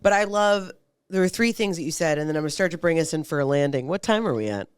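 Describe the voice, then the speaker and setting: Affirming woman podcast host, smooth voice. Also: sits low, lively intonation, fast talker, no room sound, clean studio sound. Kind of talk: casual chat at a live podcast taping. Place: bookstore event space.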